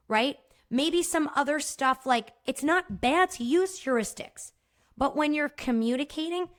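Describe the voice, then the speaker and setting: Woman podcast host, pretty high voice, blunt and casual, swears a bit, keeps saying right?. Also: fairly bright tone. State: choked up at times. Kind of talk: casual solo podcast talk.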